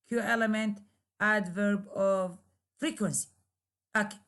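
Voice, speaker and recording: A woman lecturer whose first language is Arabic, explaining English grammar in a recorded lecture, with many hesitations and pauses. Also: fairly high pitch, fairly even intonation, fairly bright tone. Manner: slow, careful explaining with frequent hesitations. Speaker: university lecturer.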